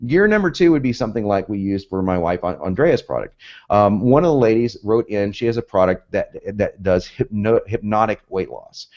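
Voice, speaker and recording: A man's voice: fairly low pitch, a little mellow. A man teaching in a casual, chatty way, often laughing and acting out the lines he quotes. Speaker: copywriting teacher. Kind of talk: casual instructional talk. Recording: dull lo-fi audio.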